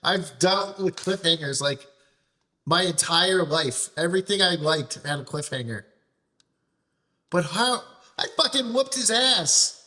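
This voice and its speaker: High, bright-voiced man ranting angrily. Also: lively intonation, unhurried. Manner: ranting, frustrated, heavy swearing; repeats and restarts phrases while venting. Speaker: streamer. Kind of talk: live gameplay commentary.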